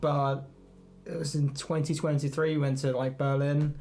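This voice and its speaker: A man's voice: a little high, flat delivery, moderate pace, warm tone, soft background music. Young man chatting with dry jokes. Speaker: podcast co-host. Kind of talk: casual chat.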